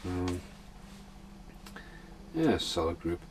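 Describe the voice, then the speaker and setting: Low-voiced guy rambling over a movie, swears loads, bit of faint hiss behind. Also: very animated, extremely slow. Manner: swears a lot, chatty and offhand. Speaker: podcast host doing a film commentary. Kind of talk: casual rambling commentary over a film.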